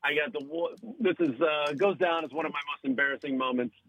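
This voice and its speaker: A man's voice: fairly high pitch, brisk, highs cut off. A man guesting on a radio show, telling a story in casual chat. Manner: animated, laughs while telling stories. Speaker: podcast host guest.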